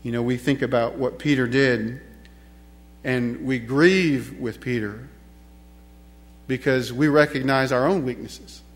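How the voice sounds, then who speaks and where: A man preaches a sermon in church with emphasis, repeating key phrases and putting rhetorical questions to the congregation. His medium-pitched voice stays steady and unhurried, broken by long pauses.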